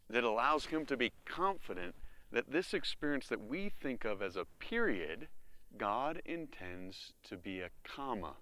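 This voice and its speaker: American man, pastor, sermon, slow delivery, bright tone, lively pitch. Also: no room sound. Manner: expressive preaching with acted-out inner voices.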